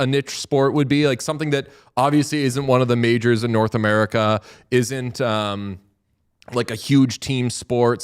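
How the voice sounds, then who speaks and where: A man's voice: medium pitch, clean tone. Brash swearing sports podcast host, man. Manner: brash, swearing, talks back to the chat. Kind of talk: casual sports chat.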